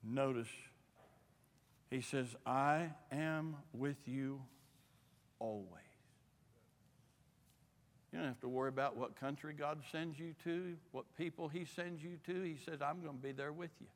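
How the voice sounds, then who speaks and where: A man preaching a missionary sermon, impassioned and rising to shouts, in a church. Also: a little high, steady tone, moderate pace. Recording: long hall reverb.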